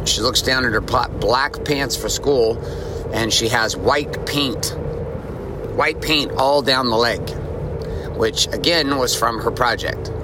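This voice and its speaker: A man's voice: lowish voice, noisy background. A middle-aged man hosting a podcast, telling a casual story and repeating his key lines for emphasis. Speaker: podcast host.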